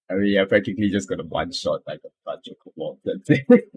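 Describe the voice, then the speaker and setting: A man narrating as game master of a tabletop game, halting and laughing often. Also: low-pitched, darkish tone, husky.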